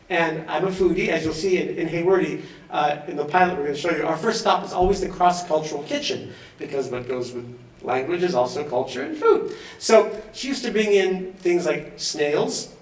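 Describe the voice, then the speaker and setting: A high-pitched man talks with bubbly enthusiasm at an event, breaking into laughter now and then. His voice rings through a big echoey hall and comes from some distance, away from the mic. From Los Angeles. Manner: enthusiastic and chatty, often laughing. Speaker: award recipient giving an acceptance speech. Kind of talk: off-the-cuff acceptance speech.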